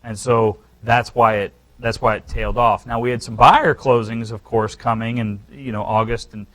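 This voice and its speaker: A man teaching a live real estate seminar, talking straight to the room with animated, emphatic delivery and frequent restarts. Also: medium pitch, moderate pace, poor audio.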